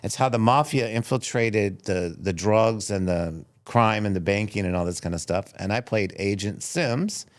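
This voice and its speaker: A middle-aged man from the United States, a chef and restaurant owner, telling animated stories in a casual interview and laughing often. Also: on the low side, moderate pace, hardly any pauses. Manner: animated storyteller, laughs often, acts out quoted voices.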